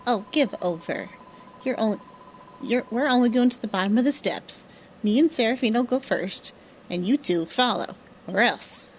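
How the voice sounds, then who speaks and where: A woman's voice: on the high side, lively intonation, slight background noise, low-quality recording. A woman voicing a brash, bossy young girl with cockney slang who orders people around. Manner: brisk, commanding, working-class slang.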